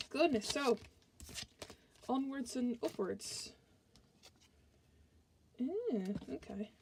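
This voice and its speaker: A woman with a fairly high voice talks through a tarot reading in a loose, chatty way. She rambles and keeps breaking off to restart her sentences. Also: moderate pace, darkish tone, slight background noise. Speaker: tarot reader.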